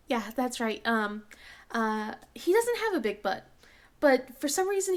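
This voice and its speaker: A woman's voice: high voice, expressive, normal speed. A woman hosting a craft channel in a casual rambling chat, sounding congested. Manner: rambling, many fillers and restarts.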